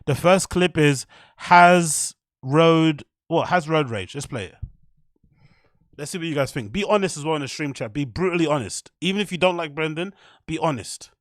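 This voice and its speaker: A man's voice: fairly high pitch, moderate pace, dry recording, clean studio sound. Blunt British man hosting a stream. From United Kingdom. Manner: blunt, rambling, swears freely. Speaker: livestream host. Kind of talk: livestream reaction commentary.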